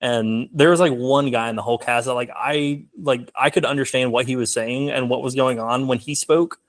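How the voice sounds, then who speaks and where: A man's voice: mid-range voice, steady tone, normal speed. A young man talking casually as a film guest in an interview, rambling with many fillers. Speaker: filmmaker guest.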